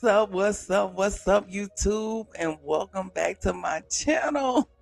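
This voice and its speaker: An animated male vlogger greets his viewers from a small home studio, leaning on catchphrases. His voice sits a touch high and carries a gravelly fry. The sound is dry and close, with faint music underneath. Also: slow. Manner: animated, talks straight to viewers, repeats catchphrases. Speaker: YouTube pop culture reviewer. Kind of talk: casual vlog intro.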